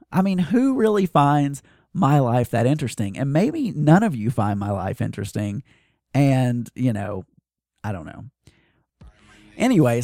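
A man's voice: mid-range voice, darkish tone, no room sound. Anxious rambling man, dry close sound. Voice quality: hesitant, full of fillers and restarts. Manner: anxious, self-deprecating. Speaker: podcast host. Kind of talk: rambling personal monologue.

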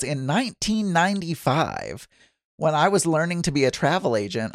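A man hosts a relaxed solo podcast, reading out listener messages and chatting about them. His voice sits fairly high and swings up and down a lot. The sound is dry and close, with no room echo. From Arkansas. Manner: chatty and self-deprecating, with frequent laughs and restarts. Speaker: podcast host.

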